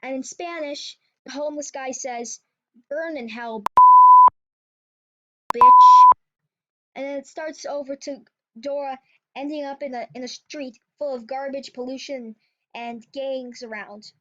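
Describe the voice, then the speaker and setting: A woman's voice: sits high, fairly even intonation, normal speed, darkish tone. A woman retelling a creepypasta in a casual, rambling way, often correcting herself. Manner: rambling, with restarts and self-corrections. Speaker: storyteller. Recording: dull lo-fi recording.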